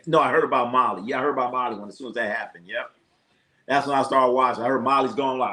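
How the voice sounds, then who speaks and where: A man's voice: mid-range voice, fast talker. A man hosting a casual live sports stream, ranting with lots of swearing and reading chat comments aloud. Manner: profane, animated ranting. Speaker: sports livestream host.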